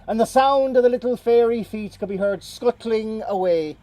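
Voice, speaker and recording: A middle-aged Irish man telling a folk tale in a lively, playful way with dramatic pauses, outdoors. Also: high voice, no echo. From Ireland. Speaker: storyteller. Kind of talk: oral folk storytelling. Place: outdoors on a moor.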